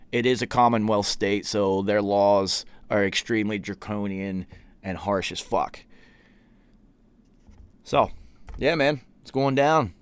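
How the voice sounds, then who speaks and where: A man's voice: on the low side, clear, resonant tone, no echo. A man hosting a podcast, telling a story in a casual, profane, laid-back way and quoting the people in it. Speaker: podcast host.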